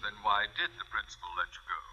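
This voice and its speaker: An actor in a 1950s radio sitcom playing a pompous, easily outraged high school principal with a bombastic manner. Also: male voice, expressive, quick pace, pushed and bright, breathy edge, exaggerated voice. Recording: dull old radio broadcast with hiss.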